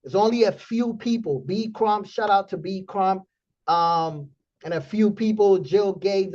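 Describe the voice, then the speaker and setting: Blunt, animated man on a lo-fi stream. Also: high voice. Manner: blunt, animated storytelling with profanity. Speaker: host of a trading community stream. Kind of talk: casual livestream talk.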